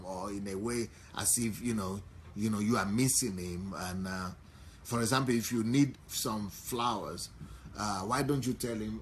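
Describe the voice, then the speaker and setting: A Nigerian-accented pastor preaches in a fairly low voice, restating each point and leaning on fillers as he goes. Faint background ambience sits behind his voice. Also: a little hiss or hum. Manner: unhurried, repetitive preaching with many fillers. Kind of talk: sermon.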